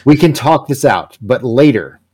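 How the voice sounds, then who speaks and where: A man voicing a gruff, world-weary older mercenary as he reads a comic aloud. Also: medium pitch, lively intonation, normal speed, darkish tone. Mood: wary.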